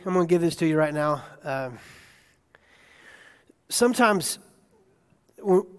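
A male pastor preaching a conversational sermon in a church, asking his congregation questions and swinging between hushed asides and loud, excited bursts. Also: a little high. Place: church sanctuary. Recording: long hall reverb.

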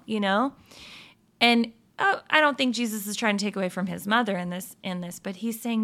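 A woman's voice: medium pitch, brisk, bright, forceful tone. A woman giving casual devotional encouragement, speaking earnestly, firing off rhetorical questions and laughing at her own slips.

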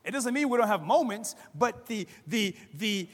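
Middle-aged male pastor, high voice, lively conversational sermon, long hall reverb. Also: normal speed. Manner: conversational, animated, acts out quoted voices.

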